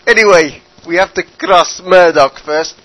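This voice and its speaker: A man's voice: sits high, unhurried, sharp tone, dry recording, full character voice, rough recording. A man voicing a pompous, bumbling dictator who addresses his troops with grand speeches. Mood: scheming. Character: pompous bumbling male dictator, middle-aged.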